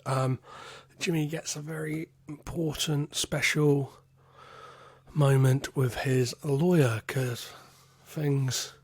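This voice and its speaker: A British man hosting a solo podcast, recapping a film in a rambling, sweary way, full of "like" and "um". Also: medium pitch. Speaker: podcast host.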